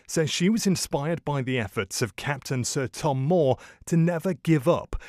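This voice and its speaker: A man with a fairly high voice reads a radio news bulletin in a formal newsreader manner, tripping over a few words. The sound is dry and close, as from a studio mic. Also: darkish tone, dry recording. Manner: formal newsreader delivery with stumbles. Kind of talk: comedic mock news bulletin.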